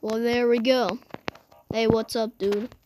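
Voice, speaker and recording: A woman's voice: fairly high pitch, flat delivery, slow, noisy background. A woman giving casual, rambling gameplay commentary, exclaiming often and restarting her sentences. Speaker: gamer.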